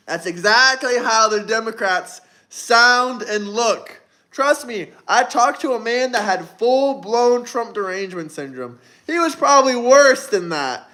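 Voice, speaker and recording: A man's voice: very high-pitched, animated, measured pace, bright, forceful tone. A man in his twenties hosting a livestream, talking to chat in a brash, mocking, provocative way. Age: 20s. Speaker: livestream host. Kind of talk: live-stream chat.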